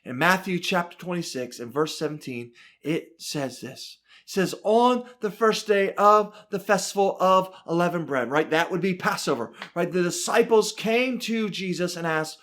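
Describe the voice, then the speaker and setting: Man, high voice, Bible teacher, animated, dramatic scripture reading, keeps saying right. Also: moderate pace. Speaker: pastor teaching a Bible study. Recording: church broadcast.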